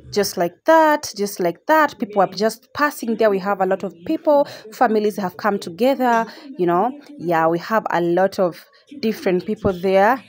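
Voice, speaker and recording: A woman's voice: mid-range voice, darkish tone. Chatty young woman vlogger. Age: young adult. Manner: chatty, repeats phrases, talks to viewers. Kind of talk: casual vlog narration.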